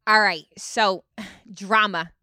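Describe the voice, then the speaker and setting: A brash reality-TV lady, put on by a podcast co-host, loud and exasperated in everything she says. The voice is bright and cutting. It is recorded close and dry with no room sound. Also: medium pitch, steady tone, slow, dry recording. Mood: dramatic, exasperated. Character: impression of a brash reality-TV woman.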